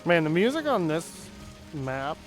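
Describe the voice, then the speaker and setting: Faint music plays behind a young gaming host who chats casually and rambles with lots of fillers while playing. His voice is on the high side with big pitch swings, and he talks a little slowly.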